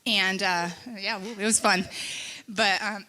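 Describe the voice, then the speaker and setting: A woman giving a sermon in a chatty, animated way, telling personal stories and laughing often. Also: mid-range voice, measured pace. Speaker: church speaker. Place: church stage.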